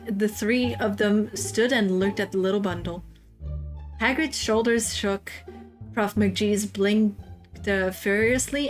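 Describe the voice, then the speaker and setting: A woman streamer reading a slang parody of a children's book aloud, swearing and laughing at the text. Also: medium pitch. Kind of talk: casual comic read-aloud.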